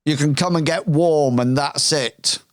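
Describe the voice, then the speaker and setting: A man voicing a gruff, suspicious male bandit at a campfire in a tabletop game, speaking curtly and warily. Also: fairly high pitch, unhurried, dry recording, clean studio sound, pitched above the performer's own voice, natural voice. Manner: wary, curt.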